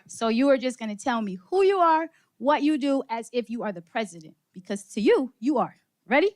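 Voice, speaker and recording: Energetic woman working a conference crowd. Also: on the high side, normal speed, long pauses. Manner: energetic, engages audience with questions and laughs. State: slightly out of breath. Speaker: speaker leading a workshop session. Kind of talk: interactive motivational talk. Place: conference room with live audience.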